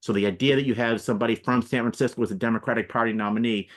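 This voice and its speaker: A man's voice: medium pitch, steady tone, racing. A man speaking as a political analyst guest in a radio interview, explaining at length and listing names and examples.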